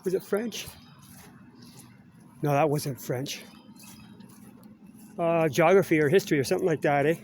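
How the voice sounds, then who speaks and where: Chatty canadian guy walking around outside, kinda higher voice, little bit of outdoor noise, keeps saying eh. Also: unhurried, pauses often, darkish tone. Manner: chatty, meandering, ends phrases with "eh?". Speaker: vlogger. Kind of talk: casual rambling walk-and-talk.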